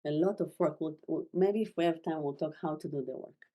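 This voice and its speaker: A woman teaching a masterclass, speaking gently with halting, non-native phrasing and frequent restarts. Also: low-pitched. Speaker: spiritual teacher. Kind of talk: masterclass talk.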